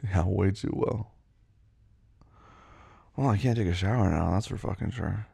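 A man performing an intimate audio role-play, murmuring low and teasing, often breathy and drifting into soft whispers. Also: unhurried, no echo.

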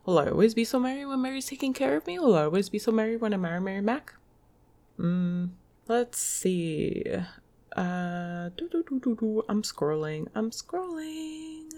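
A woman's voice: mid-range voice, lively intonation, normal speed, warm tone. A woman reading tongue twisters aloud in a casual solo video, laughing and swearing at her own slip-ups.

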